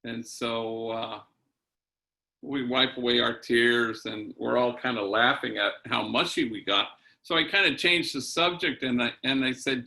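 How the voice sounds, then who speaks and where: A middle-aged man, a priest, telling a story in a keynote talk, unhurried and full of fillers, with Spanish slang mixed in. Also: medium pitch, gravelly, sharp tone.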